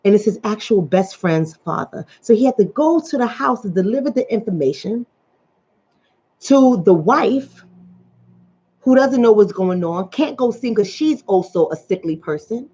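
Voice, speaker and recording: A woman from the New York and New Jersey area with that accent, hosting a casual livestream as a relationship coach and reading out viewer comments in an animated storytelling manner. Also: medium pitch, moderate pace, slightly rough. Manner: animated storytelling, acts out quoted voices. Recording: dull lo-fi audio.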